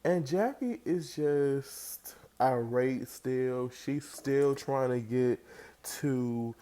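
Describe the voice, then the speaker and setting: Guy doing a chatty reality tv recap, mellow dark voice, mid pitch, keeps doing the cast's lines in a high voice. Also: drawn-out words. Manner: animated, acts out quoted lines in raised voice. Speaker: reality TV reviewer. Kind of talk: casual recap and commentary.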